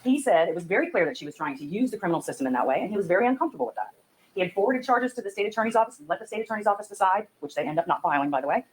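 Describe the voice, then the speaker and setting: A woman prosecutor giving a closing argument to a jury, building her case methodically and forcefully. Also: medium pitch, expressive, rapid-fire, slightly rough, low-quality recording.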